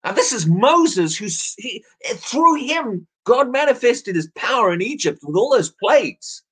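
A man delivers an earnest evening sermon in a somewhat high, husky voice. His pitch swings widely as he talks, and he often restarts his phrases by repeating words. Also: fairly bright tone. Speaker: preacher.

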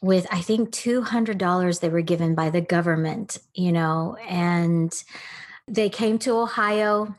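A middle-aged actress from Texas chatting as a podcast guest, telling stories with lots of laughter and acted-out quotes. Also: female voice, lowish voice, unhurried. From Texas, United States. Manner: animated storyteller, laughs often, acts out quotes. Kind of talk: casual interview chat.

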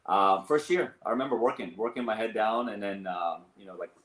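A man in his thirties, a guest on an interview show, telling stories in an animated, rambling way with many fillers. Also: lowish voice, brisk. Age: 30s. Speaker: guest, business owner and coach. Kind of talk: casual storytelling interview. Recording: roomy echo.

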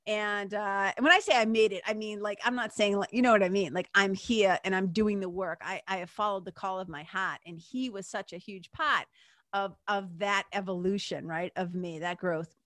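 A woman's voice: mid-range voice, normal speed, fairly bright tone, dry recording, studio quality. A woman hosting a show, telling a personal story in a chatty, emphatic way and speaking straight to her listeners. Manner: chatty and emphatic, many fillers like "like" and "you know"; addresses listeners directly. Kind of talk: casual personal storytelling monologue.

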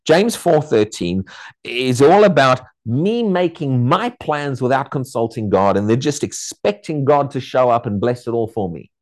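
A man preaching a sermon, telling stories and acting out quotes in a conversational, animated way. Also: mid-range voice. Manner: animated storytelling with acted-out quotes; conversational, frequent restarts and asides. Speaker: pastor.

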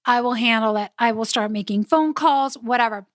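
Animated woman telling a story. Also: fairly high pitch, normal speed, no echo, clean studio sound. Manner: animated, laughs often, addresses listeners directly. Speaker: podcast host. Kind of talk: casual storytelling monologue.

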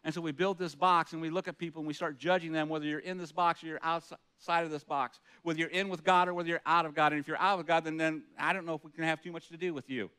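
A pastor preaches a sermon in an earnest, conversational way, reading scripture aloud between his comments and putting rhetorical questions to the room. His voice is on the high side, clear and resonant with a sharp edge. He speaks quickly and flatly, with hardly any pauses.

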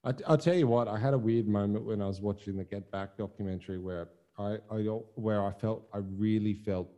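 A man's voice: fairly low pitch, brisk, warm tone, lo-fi sound. A young adult man co-hosting a podcast, speaking candidly and thinking aloud, with lots of "like" and some mild swearing. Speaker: podcast co-host, musician. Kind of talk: casual chat.

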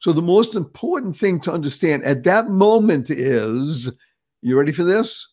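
A man's voice: on the high side, expressive, moderate pace, darkish tone. A man in his seventies from the Boston area, talking as an interview guest in an emphatic, upbeat motivational style, repeating words for effect and laughing often. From Boston area, USA. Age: 70s.

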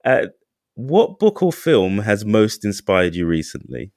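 A man's voice: lowish voice, huge pitch swings, measured pace, darkish tone, no echo. Guy hosting a podcast, lots of ums, bouncy sing-song delivery, dry close sound. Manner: friendly, laughs easily, hesitant fillers. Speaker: podcast host. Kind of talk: casual podcast interview.

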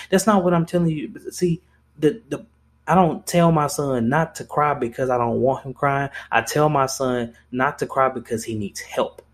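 A young man speaks on his podcast in a casual, unscripted monologue. He is blunt and impassioned, swears often and restarts his sentences as he presses his point. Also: medium pitch. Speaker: podcast host.

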